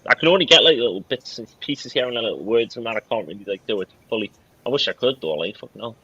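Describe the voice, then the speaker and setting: A man's voice: mid-range voice, animated, fast, breathy edge. A young man chatting casually on a stream, laid-back, saying "aye" and swearing now and then. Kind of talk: casual chat on a live stream. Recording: dull sound with loud guitar music.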